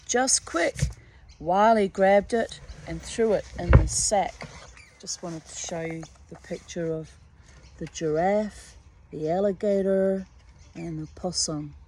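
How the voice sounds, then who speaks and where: Slow-reading woman storyteller. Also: lowish voice, a little mellow. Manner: unhurried, with chatty personal asides. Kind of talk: reading a folktale aloud.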